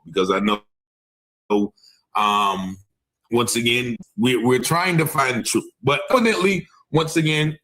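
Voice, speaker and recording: A man's voice: on the high side, a bit bright. A man hosting an online news commentary show, talking through a case and repeating that it is only alleged. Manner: speculative, repeats "allegedly" and "once again".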